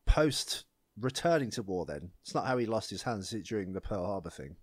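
A man's voice: fairly low pitch, sing-song, fairly quick, husky, dry recording. A man co-hosting a casual film podcast, asking curious questions and teasing his co-host.

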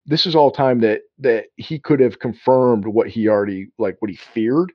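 A man's voice: medium pitch, normal speed, no room sound, lo-fi sound. A man co-hosting a casual film discussion, rambling and restarting sentences and acting out bits of dialogue. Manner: rambling, self-interrupting, acts out quotes. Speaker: podcast co-host.

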